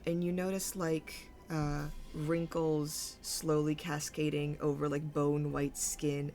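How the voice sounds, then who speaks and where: A woman's voice: low-pitched, creaky, a little mellow. A woman narrating as game master for a tabletop game, hesitant and full of fillers. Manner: slow, hesitant, many fillers.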